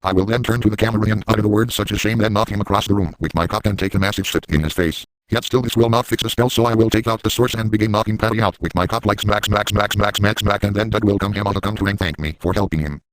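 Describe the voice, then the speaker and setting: A man narrating in first person as a crude, manic adult man boasting about outrageous deeds, with a rapid, gleeful, deadpan delivery. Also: fairly low pitch, no echo, natural voice, rough recording.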